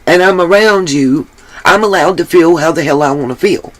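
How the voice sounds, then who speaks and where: A woman's voice: fairly low pitch, moderate pace. A woman hosting her own livestream, talking bluntly and emphatically and swearing freely. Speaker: livestream host. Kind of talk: livestream commentary.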